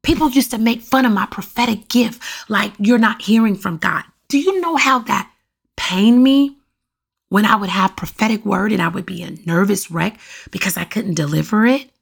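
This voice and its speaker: Raspy middle-aged woman podcaster. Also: medium pitch, moderate pace. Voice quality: raspy at times. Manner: animated, preachy, keeps calling out to listeners. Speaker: podcast host. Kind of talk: casual solo podcast monologue. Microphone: USB condenser mic.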